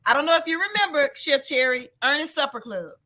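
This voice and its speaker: A woman chef telling stories from her childhood in a lively, casual chat, laughing often and acting out the people in them. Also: high-pitched, brisk. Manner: animated storyteller, laughs often, acts out voices. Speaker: guest chef. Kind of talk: casual storytelling interview.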